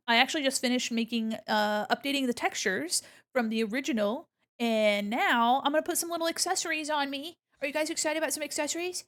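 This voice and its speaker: A woman's voice: sits high, moderate pace, fairly bright tone. A woman art streamer chatting playfully with her viewers, humming and singing along as she works. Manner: playful and chatty, hums and sings along to music. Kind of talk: casual livestream chat to viewers.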